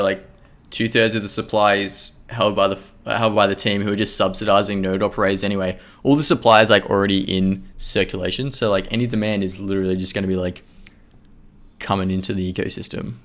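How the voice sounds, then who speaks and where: A man's voice: on the low side, fairly even intonation, fast talker, fairly bright tone. A man hosting a casual discussion in a loose, jokey way, full of filler words. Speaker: podcast host.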